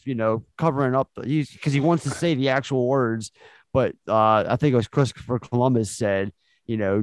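A man's voice: mid-range voice, a little mellow, no echo. A man hosting a casual movie podcast, joking and swearing freely as he runs the segments. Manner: profane, joking, leads the segments. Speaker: podcast host.

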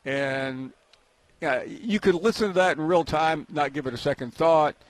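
A man's voice: a little high, normal speed, no echo. Inquisitive man hosting a sports chat. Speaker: interviewer. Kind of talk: casual sports interview.

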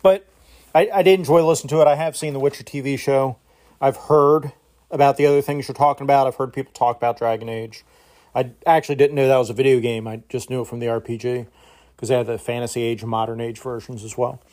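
A man's voice: mid-range voice, steady tone, quick pace, darkish tone. A man leaves a casual voice message for a podcast. He sounds friendly and rambles a little between thoughts. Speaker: caller. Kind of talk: recorded voice message.

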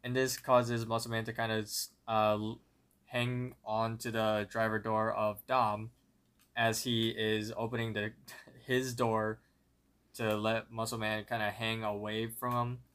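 A man's voice: on the low side, little pitch movement, unhurried, a bit bright, clean tone. A young man co-hosting a podcast, methodically retelling a cartoon episode's plot with small slips. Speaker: podcast co-host. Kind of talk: plot narration recap.

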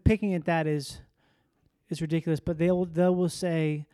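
A man in casual chat, quick and wry, riffing jokes as a comedian co-host. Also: fairly high pitch, little pitch movement, warm tone, no room sound, studio quality.

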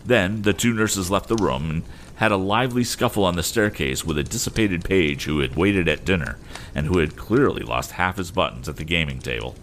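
A man narrating a classic novel as an audiobook reader, measured and expressive. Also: low voice, slight background noise.

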